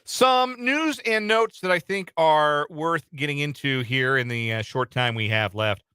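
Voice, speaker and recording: A male sports radio host with a bright, forceful voice that sounds smooth and resonant. He talks in a loose, chatty way, stumbling over a few repeats and uh fillers. He is recorded dry and close on a studio microphone. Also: a little high, unhurried, no echo.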